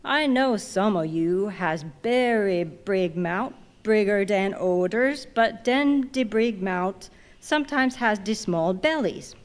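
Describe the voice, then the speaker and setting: A woman voicing a grumbling ninety-year-old male ship's cook who preaches in a slow, drawling dialect. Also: mid-range voice, animated. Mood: preaching. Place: large museum reading hall. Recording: long reverb in a big hall.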